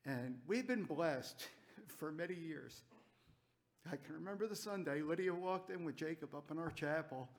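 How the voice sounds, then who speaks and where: A middle-aged man speaks at a church memorial, his voice sitting high. He rambles gently through fond anecdotes, breaking into laughs as he goes. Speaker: church member giving a eulogy.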